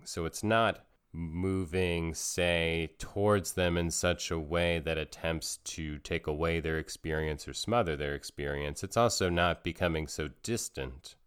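A man with a very low, smooth and resonant voice speaks in a slow, unhurried way. He talks reflectively in a monologue, returning to the same phrases to drive each point home. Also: a bit bright. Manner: slow, thoughtful, repeating phrases for emphasis. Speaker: speaker on parenting and emotional healing.

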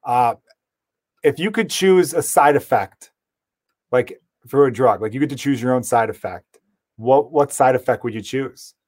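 Man, podcast host, casual rambling chat, mid-pitched, dry close sound. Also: measured pace, darkish tone, no room sound. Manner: easygoing, rambling, with frequent fillers.

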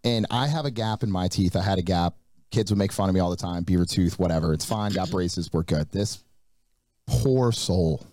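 A man's voice: deep voice, normal speed, darkish tone, no room sound. A young man co-hosting a podcast, telling a self-mocking dating story in a wry way. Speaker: podcast co-host. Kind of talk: casual chat.

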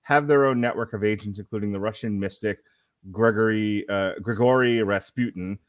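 Podcast co-host, male, lowish voice, halting plot read-through, dry close sound. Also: no room sound. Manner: halting read with self-corrections. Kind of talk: reading a film plot summary.

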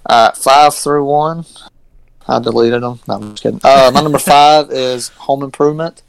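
A man's voice: mid-range voice, fairly even intonation, normal speed, creaky, clear, resonant tone, no echo, low-quality recording. A man co-hosting a casual podcast chat, giving brief, agreeable replies. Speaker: podcast co-host.

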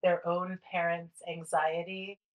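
बातूनी अंदाज़ में बोलती महिला होस्ट. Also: female voice, lowish voice, little pitch movement, takes it slowly, low-quality recording. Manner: emphatic, hedging restarts. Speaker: podcast co-host, former nanny. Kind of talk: casual chat.

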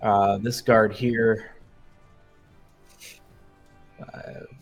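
A man narrating as game master while losing his voice, relaxed, with many fillers. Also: lowish voice, drawn-out words, lo-fi sound, faint music behind.

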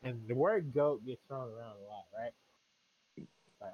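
A man's voice: mid-range voice, a little slow, long pauses. A man co-hosting a podcast, full of enthusiasm and slang as he hypes things up. His audio is somewhat dull and carries a faint background hiss. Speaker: podcast co-host. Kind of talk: casual chat.

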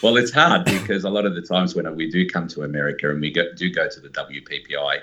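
A man's voice: low voice, fairly even intonation, fast, bright, forceful tone, slight background noise. A man with an Australian accent, chatting as an upbeat guest over a call. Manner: chatty, upbeat, uses slang. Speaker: guest photographer. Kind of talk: casual chat.

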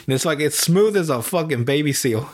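Man, podcast co-host, casual chat, rambling, profane, mock voices for quotes, fairly high voice. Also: lively intonation, a little fast. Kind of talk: casual chat recapping a show.

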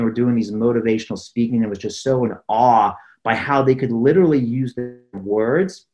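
Man, low pitch, earnest animated storyteller, interview guest, leadership coach.

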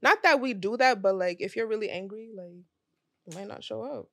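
A young woman co-hosting a podcast in casual chat, relaxed and teasing, with dry interjections. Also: medium pitch, fairly quick, vocal fry, no echo. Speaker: podcast co-host.

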